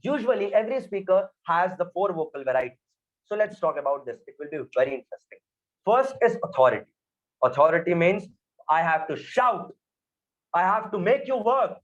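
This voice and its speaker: A man with a high voice and an Indian English accent teaches storytelling with lively emphasis. He pushes his volume up, then drops to near-whispers, and the recording sounds dull and lo-fi. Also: a little fast. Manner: animated, emphatic, swings between loud and soft. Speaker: spoken English trainer. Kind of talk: motivational lesson.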